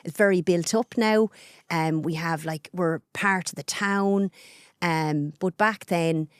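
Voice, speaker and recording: This guest, an Irish journalist and radio presenter in her forties, speaks with a Carlow accent in a clear, resonant voice on the low side. She's chatty and quick, talking with her hands through a casual podcast interview, recorded dry with clean studio sound.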